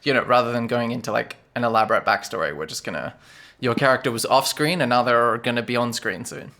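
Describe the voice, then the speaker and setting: Man, game master, bright forceful voice, casual narration, filler-heavy. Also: medium pitch, quick pace. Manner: relaxed, loose, lots of fillers like "sort of".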